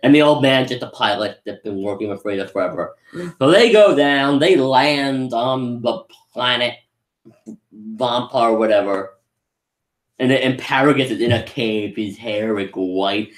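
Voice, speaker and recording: A man of middle pitch talks through a movie plot in a loose, rambling way. He trips over restarts and fillers, then jumps into quick impressions of the characters. The sound carries a noticeable room echo. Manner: rambling, many restarts and "like", acts out quotes. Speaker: movie reviewer. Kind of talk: casual movie recap.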